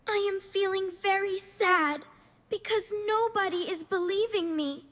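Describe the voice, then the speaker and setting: Brief: earnest accused schoolgirl, a woman plays her, slow and pleading, storybook. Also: extremely high pitch, a bit bright. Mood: sad. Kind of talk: slow storybook dialogue for learners.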